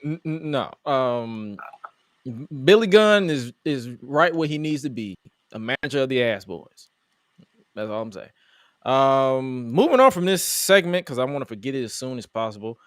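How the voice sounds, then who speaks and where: A man hosts a casual wrestling review, talking in an animated, mocking way and quoting his own exasperated reactions. His voice sits at a middle pitch. The sound is dry and close, with no room around it. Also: normal speed, no room sound. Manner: animated, mocking, quotes himself in exasperated asides. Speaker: podcast host.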